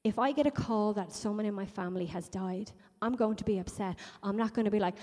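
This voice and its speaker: A woman delivers a sermon with emphatic, repetitive phrasing that builds as she goes. Her voice is mellow and warm, at a middle pitch. It rings out with the long reverb of a large hall. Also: fast talker, few pauses. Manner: emphatic, repetitive preaching with rising intensity. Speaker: preacher.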